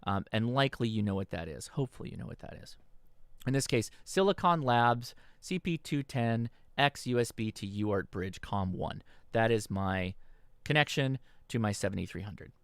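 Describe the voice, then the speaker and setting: A man's voice: lowish voice, animated, moderate pace, smooth, no room sound. Man giving a dry, casual radio tutorial. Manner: instructional, checks in with "okay?". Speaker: host. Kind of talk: livestream tutorial. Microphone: desk microphone.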